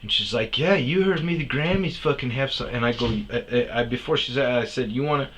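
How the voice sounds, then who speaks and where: A man's voice: medium pitch, a little fast, fairly bright tone, slight background noise, rough recording. A man hosting a podcast, telling a story in a profane, heated rant that keeps restarting its sentences. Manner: swears often, restarts sentences, gets heated. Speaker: podcast host.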